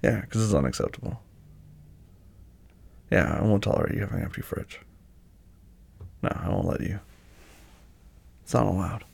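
A young man speaks as the listener's boyfriend in a one-sided role-play, gentle and teasing. His voice is low and full of vocal fry, with a husky, rough edge. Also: lively intonation, normal speed, long pauses. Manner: gentle, teasing and affectionate, laughs often.

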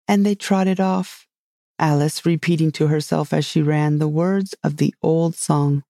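A man narrating a storybook in a measured storytelling manner. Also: fairly high pitch, steady tone, creaky, warm tone, no echo, studio quality. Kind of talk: storybook reading.

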